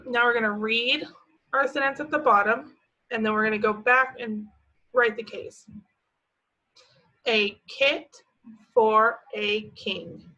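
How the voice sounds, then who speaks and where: A young woman leads a preschool lesson in a bright, slightly high voice. She speaks very slowly and patiently, putting simple questions to the children and encouraging them as she answers. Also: fairly even intonation, lo-fi sound. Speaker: preschool teacher.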